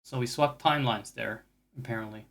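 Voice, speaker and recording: A man at a middle pitch chats loosely while he plays games on stream. He drifts from topic to topic, swears freely, and pokes fun at himself as he goes. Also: a little fast, gravelly, a bit bright. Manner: rambling and profane, with self-mocking asides. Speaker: game streamer. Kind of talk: casual chat while gaming.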